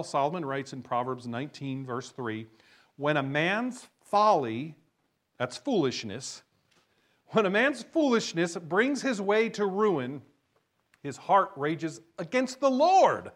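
A man's voice: a little high, very animated, a little slow. A man preaching a sermon in a conversational style, often checking in with "right?". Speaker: pastor.

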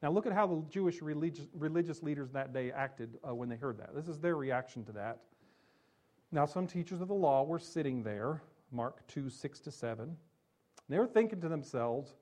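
A pastor preaching a sermon, emphatic, slowing down on key phrases and dropping low and soft when he quotes scripture. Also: very animated.

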